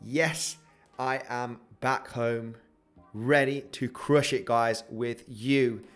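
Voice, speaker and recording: A man's voice: mid-range voice, steady tone, slow pace, fairly bright tone, faint music behind. A man hosting a casual crypto trading livestream, upbeat and hyped, greeting chat viewers and filling with "you know" and "guys". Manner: upbeat, hypes the chart, greets chat viewers by name, says "guys" a lot; filler-heavy, many "you know" and restarts.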